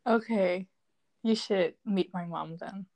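A young woman whose first language is Dutch, chatting casually in an excitable, gushing way. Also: medium pitch, takes it slowly. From grew up speaking Dutch. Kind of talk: casual chat.

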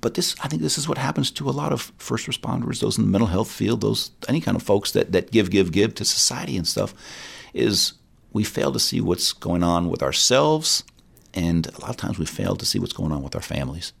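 Gravelly low-voiced man telling a story. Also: fairly quick. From United States. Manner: earnest, candid, quotes others in lively voices. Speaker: retired highway patrol sergeant, guest. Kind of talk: personal storytelling in an interview.

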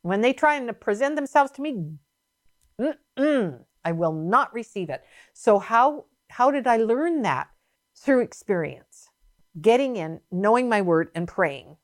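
Woman preacher, slightly high voice, fervent, emphatic, repetitive. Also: expressive, a little slow. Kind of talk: sermon teaching.

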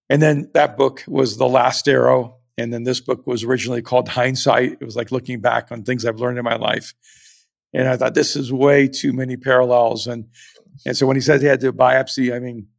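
A man's voice: mid-range voice, gravelly, no room sound. A middle-aged man hosting a podcast, telling a personal story in an earnest, reflective way with frequent restarts. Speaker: podcast host.

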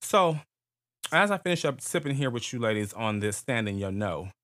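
A man's voice: mid-range voice, big pitch swings, normal speed, fairly bright tone, dry recording, studio quality. A man hosting a podcast in a playful, chatty way, calling his listeners darling and girlfriends. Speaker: podcast host. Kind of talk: casual podcast chat.

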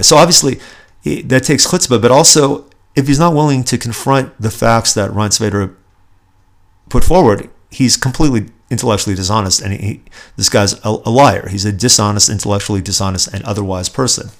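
Gravelly, indignant male podcast host. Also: mid-range voice. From Southern California, USA. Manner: indignant, sarcastic, emphatic with repeated restarts. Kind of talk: opinionated solo commentary.

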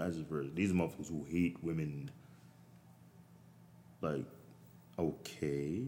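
Deep-voiced man ranting profanely. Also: a little hiss or hum. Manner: profane, rambling, jumps to shrill incredulous outbursts. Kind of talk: solo comedic rant. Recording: long reverb.

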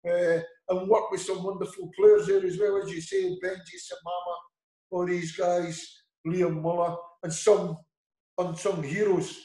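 A man's voice: high-pitched, lively intonation, measured pace, dark tone. A middle-aged man with an Edinburgh Scottish accent, a football manager telling rambling anecdotes as an interview guest, acting out the dialogue. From Scotland. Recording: echoey room.

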